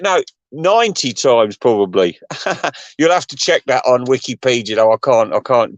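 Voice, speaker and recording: A man in middle age rants crudely into the mic, wandering from point to point and laughing at his own jokes. His voice sits fairly high and jumps higher when he gets worked up. The sound is close and dry, with no room around it. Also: no room sound. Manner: crude, mocking, laughs often, pitch leaps up when excited. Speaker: vlogger. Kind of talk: rambling profane rant.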